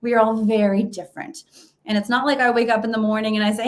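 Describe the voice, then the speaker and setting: Lady giving a talk on a video call, kinda high voice, lots of ums and restarts. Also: steady tone, fast. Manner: conversational, many fillers and restarts. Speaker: webinar speaker. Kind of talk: virtual presentation talk.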